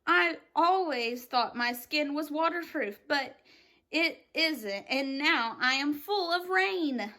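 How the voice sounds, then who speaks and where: A woman's voice: high voice, animated, slow pace, sharp tone, exaggerated voice. A woman voicing a gloomy, pessimistic male earthworm in a read-aloud storybook, with a mournful, doom-laden manner.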